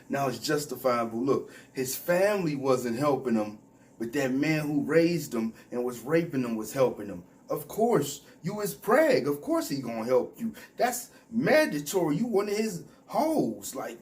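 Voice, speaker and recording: A man's voice: a little high, lively intonation, normal speed, darkish tone. A man ranting in a commentary vlog, heated and mocking, mimicking the people he talks about. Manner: heated, mocking, mimics others in quoted voices. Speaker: YouTube commentator.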